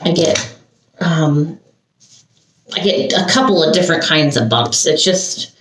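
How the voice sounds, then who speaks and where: An older woman chats as she gets ready, rambling and emotional, with sighs and restarts. Her voice sits a little low and moves slowly. She is picked up from a distance in a roomy space with faint noise behind her. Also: expressive, fairly bright tone. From Santa Cruz, California. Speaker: vlogger. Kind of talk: get-ready-with-me chat. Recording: roomy echo, heard from a distance.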